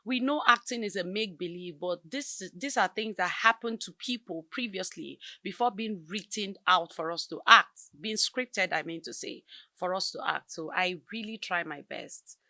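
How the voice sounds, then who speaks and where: A woman with a Nigerian English accent talks in an interview with lively emphasis. Her lowish voice has a gravelly fry and a bright, forward edge. The recording is close and dry. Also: moderate pace, dry recording. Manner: expressive, emphatic, laughs often. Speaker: actress interviewee. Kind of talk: conversational interview.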